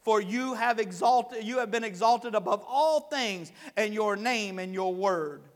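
High-voiced pastor preaching in a hall. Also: male voice, unhurried. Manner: conversational preaching that swells to loud emphatic peaks. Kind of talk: sermon. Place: church sanctuary.

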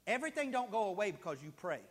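A man's voice: high-pitched, sing-song, fast talker, big-room sound. A man preaching a sermon as pastor, telling stories and acting out the people in them. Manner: storytelling preacher, acts out scenes with rising emotion. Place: church sanctuary.

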